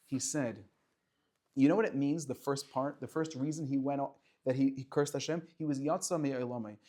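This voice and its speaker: A man teaching a lively Torah class to students, firing rhetorical questions and dropping to quiet explanation. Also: medium pitch, moderate pace. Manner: animated, swings between loud questions and quiet explaining, chats with students.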